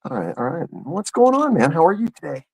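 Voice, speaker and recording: A man's voice: fairly high pitch, huge pitch swings, a little fast, vocal fry, a crowd in the background. A man who has joined a livestream as a guest over a remote call, chatting in a rambling, joking way. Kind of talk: casual livestream chat.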